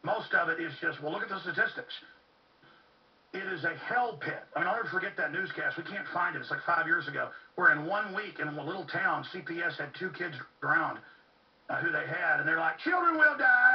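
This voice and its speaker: A man with a rather high, gravelly voice rants fervently as a talk radio host, hammering his points with urgent repetition. He sounds set back from the microphone, and the recording comes across muffled and lo-fi. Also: fairly quick, distant mic. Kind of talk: impassioned monologue.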